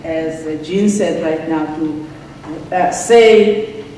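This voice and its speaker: An older woman gives an acceptance speech. She pauses often and repeats herself. The sound comes from far off in a large, echoing hall, with faint background noise. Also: sits low, warm tone. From South Africa. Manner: halting, many fillers and repeats. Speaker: award honoree giving a speech. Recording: echoey hall, mic heard from far off.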